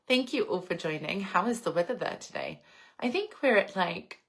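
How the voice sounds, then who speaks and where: A woman's voice: mid-range voice, expressive, normal speed. A woman in her late thirties from England, chatting reflectively on a live stream and answering viewers' comments. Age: 30s. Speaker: vlogger reading live chat. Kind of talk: casual live-stream chat. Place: home in the English countryside.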